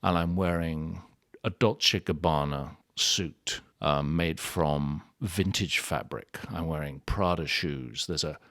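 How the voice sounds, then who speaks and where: A man's voice: very deep voice, no echo. An older man with an English accent, an actor telling stories in an interview with a dry, wry wit. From England. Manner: dry, wry wit, measured and soft-spoken. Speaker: actor and guest. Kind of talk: relaxed interview storytelling.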